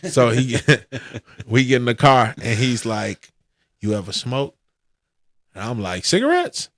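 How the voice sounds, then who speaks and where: A man telling a profane, animated story in a casual podcast chat. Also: mid-range voice, slow pace, no echo. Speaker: podcast co-host.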